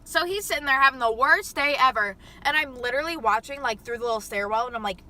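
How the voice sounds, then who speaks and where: A woman in her twenties telling a story in a chatty, profane, animated way in a casual vlog. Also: sits high, fast. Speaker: mukbang vlogger.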